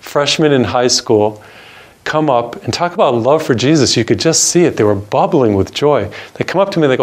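Older guy, a priest, preaching and telling a story, earnest, mid-pitched voice. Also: expressive. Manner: earnest storyteller, slows down to stress key words. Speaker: Catholic priest. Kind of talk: storytelling sermon.

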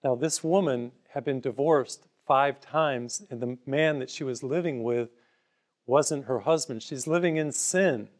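A preacher gives a broadcast sermon in an unhurried, mid-range male voice. He keeps it conversational, relies on simple everyday parables, and offers listeners free booklets.

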